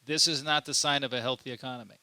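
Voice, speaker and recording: A man's voice: medium pitch, fairly even intonation, fast talker, pushed and bright, no echo. A man hosting his own political commentary show, talking emphatically off the cuff and often repeating and restarting his words. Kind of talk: unscripted commentary monologue.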